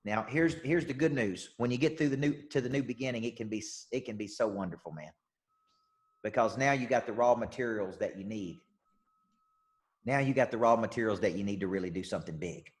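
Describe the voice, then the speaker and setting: A man's voice: mid-range voice, animated, a little fast. A man with a Southern US drawl delivers a motivational coaching session in an intense, upbeat manner. He hammers home points by repeating them and keeps asking his audience "okay?" and "right?" His voice sits in an ordinary middle register. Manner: emphatic and repetitive, checks in with "okay?" and "right?". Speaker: life and business coach. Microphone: online call session.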